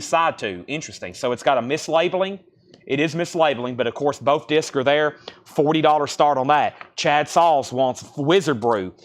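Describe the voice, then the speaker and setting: A man hosting a live vinyl record sale stream, briskly repeating prices and bidder names. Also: a little high, fairly bright tone. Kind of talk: live auction sales stream.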